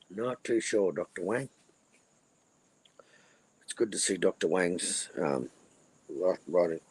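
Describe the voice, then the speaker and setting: A man's voice: deep voice, breathy edge, rough recording. A middle-aged man hosting a casual livestream, rambling crudely and repeating his phrases. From Australia. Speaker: livestream host.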